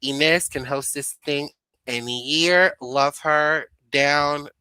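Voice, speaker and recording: A male co-host chatting casually on a live stream, animated and opinionated, dropping in Spanish phrases now and then. His voice is bright and forceful. The sound is dry and close, with no room around it. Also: on the high side, slow pace, smooth, no echo, poor audio. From Dominican Republic.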